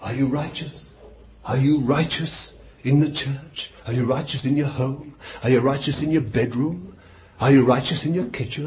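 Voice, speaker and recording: A man preaching a fervent sermon, swinging from loud exclaiming to hushed whispers. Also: mid-range voice, moderate pace. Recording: dull lo-fi recording with faint hiss.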